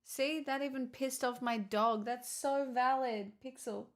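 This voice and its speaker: A woman's voice: fairly high pitch, fairly even intonation, a little slow. A woman streamer in casual chat, rambling and laughing often as she tells stories.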